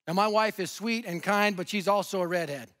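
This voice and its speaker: A man with a high voice delivers a sermon as a guest preacher. He tells stories with humor and energy, swinging from loud outbursts to hushed, tender lines. He is in his fifties and from Denver. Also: a little fast. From Denver, USA. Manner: animated, humorous storytelling with sudden swings between loud and soft. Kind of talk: sermon with storytelling.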